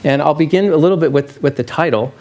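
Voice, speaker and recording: Halting, chatty man giving a talk. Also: on the high side, a little mellow. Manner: halting, many restarts, casual and chatty. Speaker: field biologist and falconer giving a public talk. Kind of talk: public lecture with stories. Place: lecture hall with an audience.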